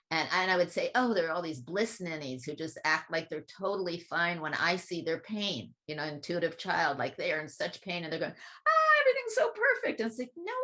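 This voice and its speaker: A woman speaking in a relaxed conversational way, telling a reflective personal story and acting out other people's voices when she quotes them. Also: deep voice. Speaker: guest speaker on spiritual teaching.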